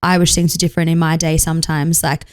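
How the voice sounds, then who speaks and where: A woman hosting a casual podcast, her voice a touch lower than most. She talks in a supportive, reflective way, encouraging her guest. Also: flat delivery, fast talker, clear, resonant tone. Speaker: podcast host. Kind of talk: casual interview chat.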